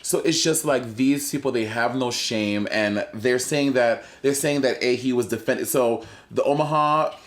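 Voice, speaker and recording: A man co-hosting a podcast, talking in an earnest, halting way and repeating himself as he gets emotional. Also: medium pitch. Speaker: podcast co-host.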